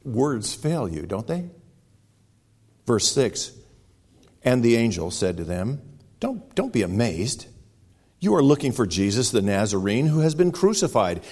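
A man preaching a sermon, retelling a story dramatically, with sudden loud exclamations and quiet, hushed stretches. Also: mid-range voice, big pitch swings, measured pace, pauses often, slightly rough. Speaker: pastor.

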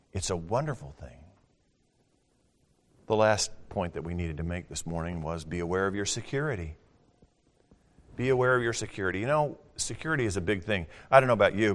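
An older man preaching a sermon as pastor, folksy, moving between booming scripture reading and quiet, chatty asides. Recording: long hall reverb.

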